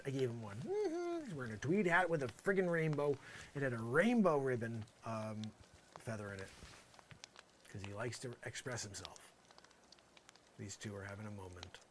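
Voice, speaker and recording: A man's voice: medium pitch, a bit bright, a little hiss or hum. A man doing an improvised comedy monologue, rambling with exasperated sarcasm and lots of filler phrases. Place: campsite, pretend outdoors.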